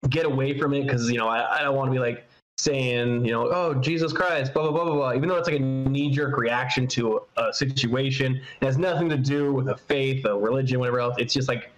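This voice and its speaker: A man's voice: mid-range voice, steady tone, fairly quick, few pauses, muffled recording, faint music behind. A man co-hosting a podcast in casual chat, rambling with lots of fillers and the odd curse word. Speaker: podcast co-host.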